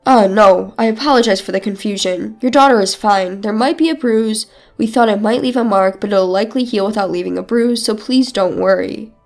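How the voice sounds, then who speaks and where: A woman voicing a calm, reassuring doctor. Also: mid-range voice, gravelly, natural voice. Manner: reassuring, measured.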